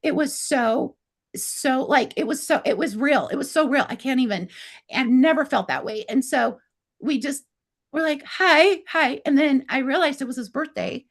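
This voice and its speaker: A woman's voice: high voice, moderate pace. A woman in her fifties from Arizona, a guest telling a personal story in a chatty way, often acting out what others said. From Arizona, USA. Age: 50s. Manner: chatty, acts out others' lines in quotes, many "like" fillers.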